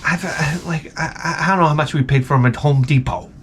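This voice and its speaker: A man's voice: fairly high pitch, a little fast, a bit bright, a little hiss or hum. A man vlogging with the flu, telling a comedic story in an exasperated, rambling, profane way. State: sick with the flu.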